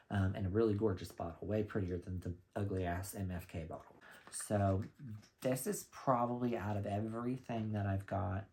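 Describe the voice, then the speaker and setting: A young man reviewing perfumes in a casual, blunt and animated way, cursing freely. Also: fairly low pitch. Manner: opinionated, blunt and animated, with swearing and laughs. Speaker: fragrance reviewer.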